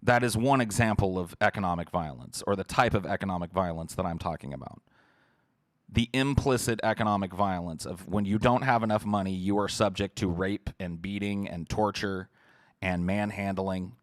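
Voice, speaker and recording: A man's voice: deep voice, moderate pace, no echo, studio quality. A podcast host, a man, giving a heated, profane livestream rant while answering chat messages.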